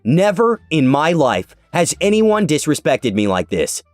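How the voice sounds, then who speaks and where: A man voicing a shrill, entitled middle-aged woman shopper who screeches her demands in a slow, condescending way. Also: very animated, dry recording, faint music behind. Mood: indignant. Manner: slow, exaggerated, condescending delivery.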